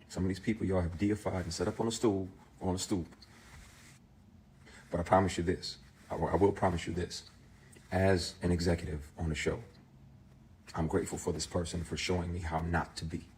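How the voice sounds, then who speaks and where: Deep-voiced man in a heated rant. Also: fairly even intonation, normal speed, pauses often, darkish tone, slight background noise. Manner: emphatic, profane, heated storytelling. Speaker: actor. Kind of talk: impassioned direct-to-camera rant.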